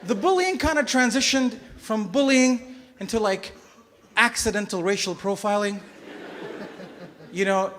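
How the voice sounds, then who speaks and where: A man in his thirties from Bahrain performing a stand-up comedy set, telling stories with sudden loud outbursts and acted-out voices. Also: high-pitched, a little slow, long pauses, slight background noise. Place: comedy stage before a live audience.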